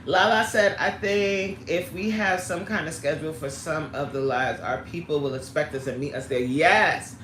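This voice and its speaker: A woman's voice: deep voice, moderate pace, hardly any pauses, fairly bright tone, slight background noise. A middle-aged woman coaching on a live stream, chatting casually, greeting viewers by name and laughing easily. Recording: roomy echo.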